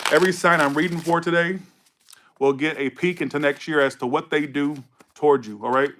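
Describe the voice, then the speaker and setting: Man, tarot reader, casual, blunt, cursing, mid-pitched voice. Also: a bit bright. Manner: blunt, profane, scolding rants; repeats himself for emphasis. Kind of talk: casual tarot reading to camera.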